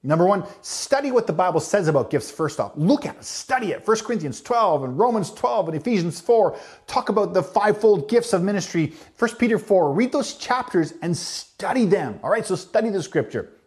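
High-voiced man preaching. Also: brisk. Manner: animated preaching with acted asides to the congregation. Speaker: pastor. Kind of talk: sermon.

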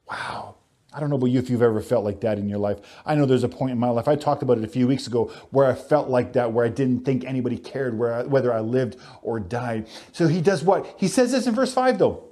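A man preaching a sermon as pastor, earnest, slowing down on key phrases and speeding up in asides. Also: medium pitch, animated, mellow. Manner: earnest, swinging between slow emphatic phrases and quick asides.

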